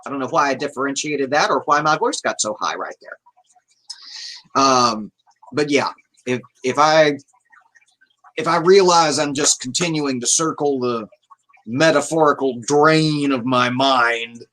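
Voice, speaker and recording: A man chatting on a casual livestream, rambling loosely and reading out messages from chat. His voice is bright and forward, and he swears in an offhand way. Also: medium pitch, a little slow, low-quality recording. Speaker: livestream host.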